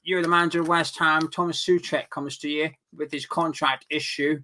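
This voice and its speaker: A man's voice: on the high side, flat delivery, normal speed, pushed and bright, a little hiss or hum. A man co-hosting a casual football chat, reading out viewer questions in an easygoing way. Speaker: co-host.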